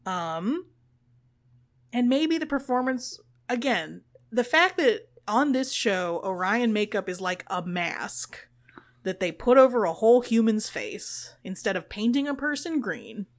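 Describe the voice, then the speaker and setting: A woman's voice: a little high, big pitch swings, a little slow. A woman co-hosting a podcast, recapping an episode in casual chat, sarcastic and swearing freely, acting out the characters' lines. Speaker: podcast co-host.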